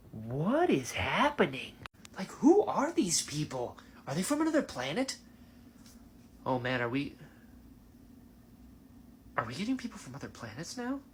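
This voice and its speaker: An excitable man talking through his reactions to a book in a casual vlog. His pitch swoops widely as he gushes, gasps and slips into mock voices for the characters. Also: a little hiss or hum. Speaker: book reviewer.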